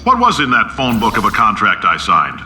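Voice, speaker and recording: A man's voice: fairly low pitch, wildly swooping pitch, brisk, bright, forceful tone, echoey room, recorded from a distance, slight background noise, full character voice, low-quality recording. An actor playing a brash, boastful company chief who talks in a blustering, salesman-like, sardonic way in a video game. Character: brash boastful male company CEO, middle-aged.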